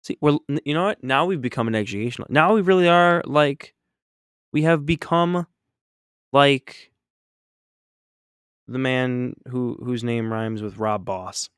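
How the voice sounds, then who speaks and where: A man's voice: medium pitch, lively intonation, a little slow, pauses often, clean tone, no room sound, studio quality. A man painting on a live stream, chatting casually and reacting to chat in an upbeat, rambling way.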